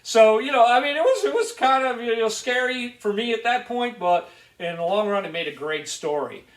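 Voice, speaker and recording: Recording in an echoey garage, this Ohio host rambles through a story for his casual video show, chatty and stuffed with fillers. His voice is very high and animated, at a moderate pace.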